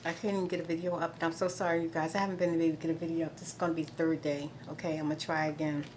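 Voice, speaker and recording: A woman's voice: sits low, little pitch movement, very fast, darkish tone. A middle-aged woman hosting her own video blog in a chatty, rambling way, with exasperated asides. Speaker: vlogger host. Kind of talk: casual chat. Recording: noticeable background noise.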